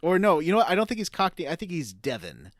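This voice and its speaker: A man co-hosts a casual podcast and laughs easily. His voice sits high and jumps around in pitch. The sound is dry and close. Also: huge pitch swings, quick pace, dry recording. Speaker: podcast co-host. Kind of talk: casual chat.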